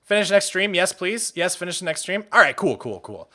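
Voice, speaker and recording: A young man with a high, very animated voice, pushed and bright, talks briskly to his live-stream viewers. The chat is rambling and casual, full of restarted sentences and laughs.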